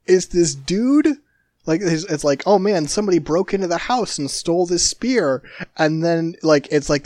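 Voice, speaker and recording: A man co-hosting a podcast, telling a story in casual chat with many halting restarts. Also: on the high side, darkish tone, dry recording. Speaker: podcast co-host.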